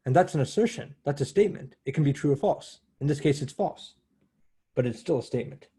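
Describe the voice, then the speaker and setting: A man's voice: on the high side, expressive, a little fast, warm tone, slightly rough. A man giving a university math lecture in a conversational way, often correcting himself as he explains step by step.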